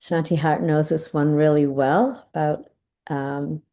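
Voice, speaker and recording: A woman's voice: low voice, steady tone, normal speed, dark tone. A woman facilitating a group video call, talking in a meandering way and searching for words.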